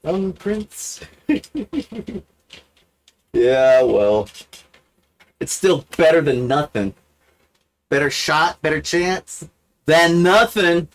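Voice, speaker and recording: A man's voice: slow pace, long pauses. A man hosting a livestream, talking to camera in a profane, self-mocking, wandering monologue. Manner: wide sudden pitch swings. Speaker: livestream host. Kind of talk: rambling casual monologue.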